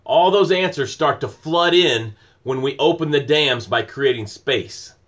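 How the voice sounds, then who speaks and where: A man's voice: medium pitch, a little slow, fairly bright tone. Emphatic motivational male livestream host. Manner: emphatic, rhythmic, repetitive preaching cadence; greets viewers by name mid-flow.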